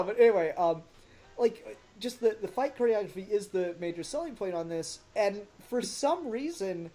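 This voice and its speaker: A man with a high-sitting voice co-hosts a casual podcast reviewing films. He talks with animated energy, laughs a lot, and swears casually.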